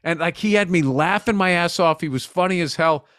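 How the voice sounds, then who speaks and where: A man's voice: high-pitched, brisk, a bit bright, no room sound, clean studio sound. A man, a comedian, telling rambling stories in casual podcast chat, swearing and restarting sentences. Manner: storytelling, swears a lot, stammers on restarts.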